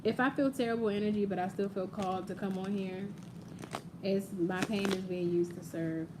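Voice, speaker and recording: A woman's voice: mid-range voice, steady tone, normal speed, noisy background. A young woman hosting a casual live-stream tarot reading, chatty and playful, speaking directly to her viewers. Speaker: tarot reader. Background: quiet ambient audio playing.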